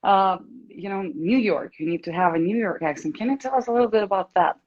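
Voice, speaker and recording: A woman hosting an interview over a video call, asking questions haltingly with many fillers and restarts. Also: medium pitch, lo-fi sound. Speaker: interview host.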